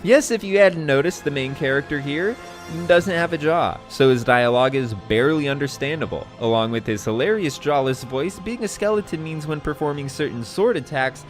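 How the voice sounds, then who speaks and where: A man's voice: mid-range voice, a little fast. A young man narrating a video game retrospective with enthusiasm in a conversational tone. His voice sits in an ordinary middle register, with faint music in the background. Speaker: game reviewer.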